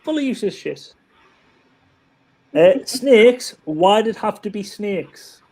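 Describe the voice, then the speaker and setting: Chatty high-voiced man telling stories. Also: slow. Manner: chatty, animated storyteller with many restarts. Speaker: live chat participant. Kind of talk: casual chat.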